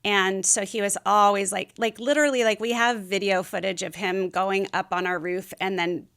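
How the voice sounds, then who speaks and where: A woman's voice: medium pitch, steady tone, moderate pace, vocal fry, fairly bright tone, smooth. A middle-aged woman speaking as a podcast guest, telling her story candidly and rambling a little, with plenty of fillers. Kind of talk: casual interview chat.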